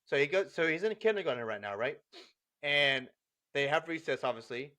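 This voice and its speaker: A man's voice: fairly high pitch, brisk. A young adult man co-hosting a podcast, casually telling funny stories about his son, acting out the dialogue and laughing often. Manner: animated, laughing, acts out dialogue. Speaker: podcast co-host. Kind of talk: casual storytelling chat.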